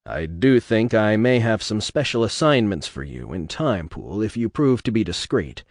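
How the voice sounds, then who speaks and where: A man voicing a commanding, demanding male city founder who speaks in measured, authoritative sentences. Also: lowish voice, big pitch swings, no room sound, clean studio sound. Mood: confiding.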